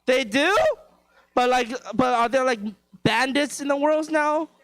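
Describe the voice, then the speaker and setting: High-voiced young man ranting on stage. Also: measured pace, fairly bright tone, clean tone, no room sound. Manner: profane, stammering, self-deprecating rant. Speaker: stand-up comedian. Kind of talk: rambling stand-up set. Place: comedy club stage.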